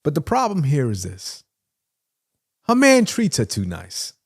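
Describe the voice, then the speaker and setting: Slow, preachy male reaction host. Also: fairly high pitch, huge pitch swings, breathy edge. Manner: preachy, emphatic, lecturing. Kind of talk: reaction commentary.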